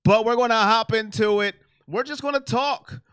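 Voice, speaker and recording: A man's voice: extremely high pitch, moderate pace, clean tone, no echo, clean studio sound. A middle-aged man hosting a casual sports live stream, chatting and reading viewer comments aloud. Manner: animated, reads chat aloud and reacts.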